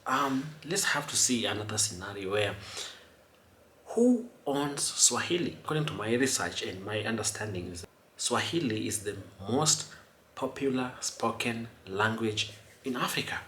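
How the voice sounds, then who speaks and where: A man talks through his point in a loose, rambling way, repeating words and asking whether you follow. His voice is lowish and bright. The room is echoey, with a faint hiss underneath. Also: expressive, normal speed. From Kenya. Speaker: host. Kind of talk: casual commentary.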